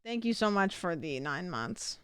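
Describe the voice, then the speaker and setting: A woman's voice: fairly low pitch, lively intonation, measured pace, fairly bright tone, smooth, dry recording. A woman streaming a game live, chatting casually, rambling and curious with lots of fillers and questions. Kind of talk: casual live-stream chat while gaming.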